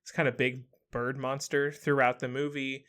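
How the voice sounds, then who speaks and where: Bright-voiced man chatting animatedly. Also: mid-range voice, moderate pace. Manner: animated retelling with frequent "like" fillers. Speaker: podcast co-host. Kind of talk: casual film discussion.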